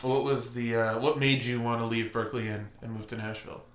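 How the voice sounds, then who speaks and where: A man's voice: medium pitch, steady tone, fairly quick. A man hosting a casual interview, asking curious, easygoing questions. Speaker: host. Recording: roomy echo.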